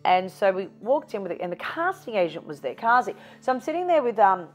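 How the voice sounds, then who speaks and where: A woman's voice: medium pitch, brisk. A middle-aged Australian woman from Newcastle, a psychic guest telling stories in an interview and acting out the dialogue. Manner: animated storyteller, acts out quoted dialogue. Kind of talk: storytelling interview chat.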